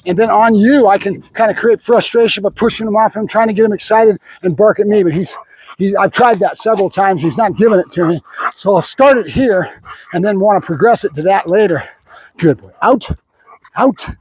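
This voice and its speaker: A man's voice: sits high, a little fast, darkish tone, husky, no room sound. A man training his dog, explaining steps and repeating short praise and commands in a casual hands-on demo, outdoors.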